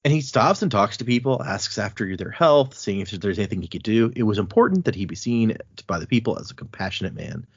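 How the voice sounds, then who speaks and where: A man hosting a casual podcast, reading passages from a book aloud and talking them over in a relaxed way. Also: lowish voice, brisk, few pauses, breathy edge, no echo, lo-fi sound. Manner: relaxed, with fillers and restarts.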